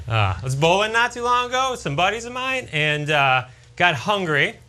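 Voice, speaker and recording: A man's voice: sits high, bright, forceful tone, slight background noise. A man in his forties doing a stand-up comedy routine with punchy joke delivery.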